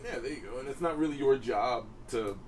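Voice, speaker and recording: A male podcast host keeps the chat easy and encouraging, feeling his way into questions with small restarts. His voice sits at a middle pitch for a man. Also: darkish tone, slight background noise. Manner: easygoing, encouraging, halting questions. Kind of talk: casual interview chat.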